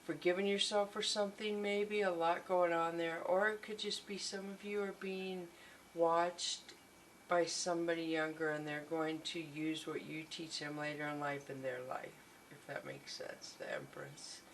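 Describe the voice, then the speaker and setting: A woman's voice: fairly low pitch, steady tone, moderate pace, slight background noise, rough recording. A woman giving a tarot reading, gushing and reassuring, often repeating her encouragements. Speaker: tarot reader.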